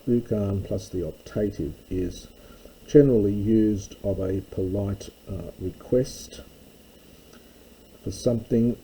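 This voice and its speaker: Male tutor, slow careful delivery, ums throughout, low voice, faint hiss. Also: dark tone, rough recording. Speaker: Greek tutor. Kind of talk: line-by-line lecture.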